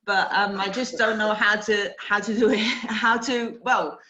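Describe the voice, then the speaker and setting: Woman, Italian accent, hesitant, halting, bright voice, echoey room. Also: medium pitch, fairly even intonation. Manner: hesitant, halting, laughs shyly. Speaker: caller on a coaching call.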